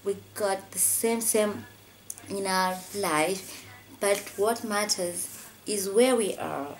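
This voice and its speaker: A woman's voice: fairly low pitch, a little hiss or hum, poor audio. A young woman talking earnestly to her camera in a rambling personal vlog, filling her sentences with "you know.". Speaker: vlogger.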